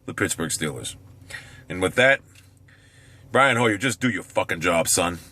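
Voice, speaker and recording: A man's voice: low voice, animated, a little slow, noisy background. A man ranting brashly about football on his vlog, swearing often and swinging his voice up and down. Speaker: sports vlogger. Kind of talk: profane sports rant.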